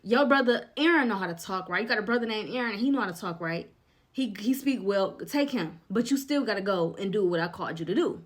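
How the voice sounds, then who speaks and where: A woman's voice: medium pitch, animated, quick pace, lightly acted. A woman voicing God as a patient, firm speaker who reassures and gives orders in plain casual words.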